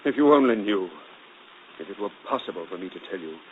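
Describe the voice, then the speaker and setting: A man playing a brooding, passionate gentleman employer in a 1940s radio drama, ardent and intense, sometimes dropping to a hushed plea. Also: fairly low pitch, lively intonation, quick pace, natural voice. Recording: muffled noisy 1940s radio broadcast.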